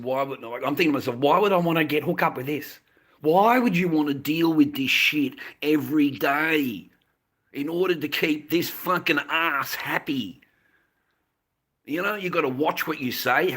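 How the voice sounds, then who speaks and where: A man's voice: mid-range voice, a bit bright. A man ranting on a live stream, rambling, repeating himself and swearing freely. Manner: rambling, repetitive, profane. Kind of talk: casual live-stream rant.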